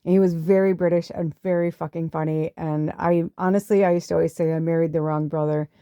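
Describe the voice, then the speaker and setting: Speaking quickly with fairly even intonation, this middle-aged woman, a podcast host and spiritual medium, casually recounts a personal story, swearing at times and mimicking quotes in a raised voice. Her tone is mellow, clear and resonant, with no echo, though the highs are cut off.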